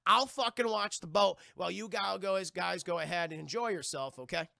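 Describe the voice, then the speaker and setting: A man's voice: high voice, brisk, vocal fry, bright, forceful tone, dry recording, clean studio sound, heavily acted. A man playing a roguish pirate captain who talks with a casual, profane swagger. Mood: cocky. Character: roguish male pirate captain, cocky and sly.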